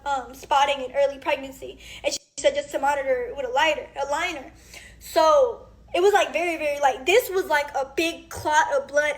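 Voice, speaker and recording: A young woman in her twenties giving a tearful, rambling and blunt account of her own experience. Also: high-pitched. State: crying. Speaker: celebrity venting on social media. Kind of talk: emotional personal account.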